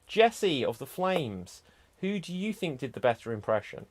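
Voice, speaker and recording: A man's voice: on the high side, sing-song, normal speed. A man hosting an online improv show, upbeat and teasing as he introduces scenes and reads out votes.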